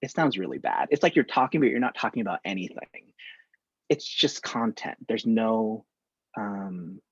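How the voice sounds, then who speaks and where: Male therapist on a live stream, kinda husky, dry muffled audio, blunt and lively. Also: lowish voice, normal speed, dry recording. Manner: candid, animated, acts out examples. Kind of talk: live online conversation.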